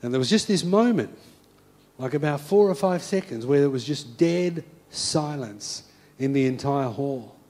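A man's voice: mid-range voice, expressive, unhurried, dark tone. A man preaching a sermon, telling a story with fervent, emphatic repetition.

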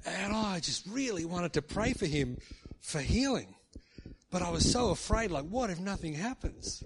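A middle-aged pastor with a high, expressive voice tells a personal story during a sermon at a normal pace. He's chatty and tags his remarks with "hey", and there's noise in the background.

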